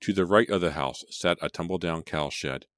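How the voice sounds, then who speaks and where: A man narrating a storybook in a steady, measured way. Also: sits low, no room sound, clean studio sound. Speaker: audiobook narrator. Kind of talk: scripted audiobook narration.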